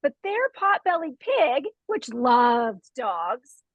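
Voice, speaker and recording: Woman, high voice, dry close sound, lively storyteller, laughs a lot, host. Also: slow pace, no echo, narrow, tinny audio. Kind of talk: animated storytelling in a group chat.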